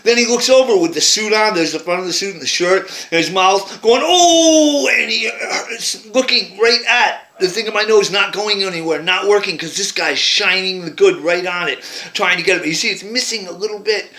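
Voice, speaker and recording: A man's voice: high voice, brisk, sharp tone. A man talking in a rambling, repetitive monologue, pointing out details in pictures as he goes. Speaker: vlogger interpreting images. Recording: roomy echo.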